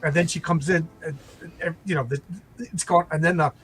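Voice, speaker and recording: A man in casual chat, retelling a TV show in a rambling, animated way, full of restarts and quoted lines. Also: a little high, brisk, slightly rough, poor audio. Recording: faint background noise.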